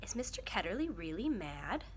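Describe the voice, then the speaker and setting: A woman's voice: medium pitch, very animated, moderate pace, breathy edge. A woman voicing a curious young schoolgirl who is prim and eager in a storybook read-aloud.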